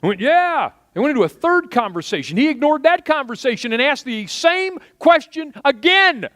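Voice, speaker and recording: A middle-aged pastor from Texas preaching a sermon, swinging between loud punchy asides and quiet storytelling. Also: male voice, very high voice, big pitch swings, fairly quick.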